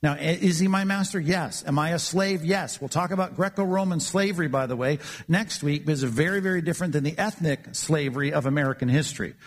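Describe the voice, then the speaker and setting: A man's voice: a little high, fast talker, few pauses. A man preaching a sermon, earnest and emphatic, often repeating words as he builds his points. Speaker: pastor.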